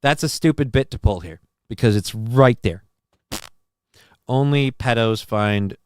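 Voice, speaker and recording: A man's voice: medium pitch, a little slow, darkish tone, smooth, no echo, clean studio sound. A man hosting a casual live stream, reading chat messages and answering them in a defensive, rambling way, swearing casually, with a voice that cracks at times. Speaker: livestream host reading chat.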